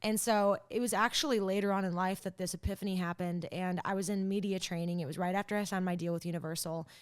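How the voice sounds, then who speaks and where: A young woman, a country singer, talking as a podcast guest in an animated, chatty way, full of fillers as she tells a story. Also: fairly low pitch, quick pace, clean tone. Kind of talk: casual interview chat.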